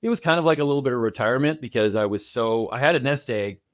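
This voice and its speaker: A man's voice: medium pitch, lively intonation, fast talker, dry recording, studio quality. A man of fifty, a guest on a podcast interview, talking confidently and reassuringly about his own story. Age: 50s. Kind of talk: casual interview chat.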